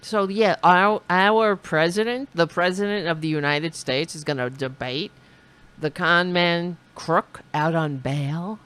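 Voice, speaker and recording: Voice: mid-range voice, unhurried, a bit bright, clean tone. A comedic commentator reacting to clips with sarcastic, mocking remarks and repeated quotes.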